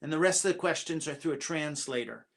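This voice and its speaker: Earnest man telling a halting story. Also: on the high side, creaky, a bit bright. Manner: halting, often repeats opening words; earnest, confessional. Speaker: guest speaker at a church. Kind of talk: personal storytelling.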